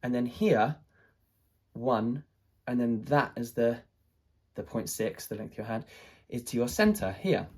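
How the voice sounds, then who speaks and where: A husky-voiced speaker tells a personal story in a loose, rambling way. The delivery is hesitant, with fillers and restarts, and carries an excitable sense of wonder at mid pitch. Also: a little slow, long pauses. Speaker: artist telling a personal story.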